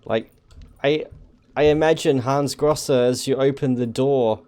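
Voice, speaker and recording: A man streaming a game and chatting casually with viewers, dry and wry, with halting restarts. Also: mid-range voice, steady tone, darkish tone, clear, resonant tone. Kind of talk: casual live-stream chat while gaming.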